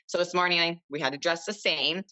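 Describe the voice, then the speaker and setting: A woman's voice: lowish voice, a little fast, pushed and bright, muffled recording. A woman in her thirties, a podcast guest chatting casually and rambling with lots of fillers. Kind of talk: casual chat.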